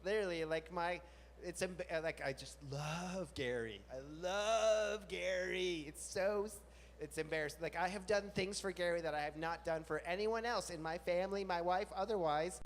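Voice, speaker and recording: A man hosts a live storytelling evening in a large music venue. His voice sits a bit high and he talks in a chatty, self-deprecating way. A long hall reverb and faint room noise trail every line. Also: steady tone, brisk. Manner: chatty, self-mocking, jumps into high silly voices for quoted bits. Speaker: host.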